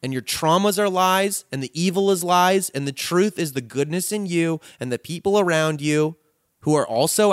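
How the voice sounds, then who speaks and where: A man's voice: fairly high pitch, dry recording, studio quality. A man hosting a podcast, giving an earnest, profane pep talk to his listeners as he signs off. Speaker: podcast host. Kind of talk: impassioned solo podcast sign-off.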